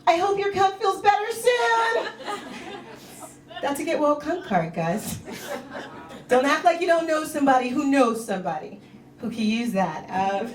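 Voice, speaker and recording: A woman performing a stand-up comedy set, telling deadpan dark jokes and talking to the crowd on a club stage. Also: on the high side. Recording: echoey club, mic heard from a distance.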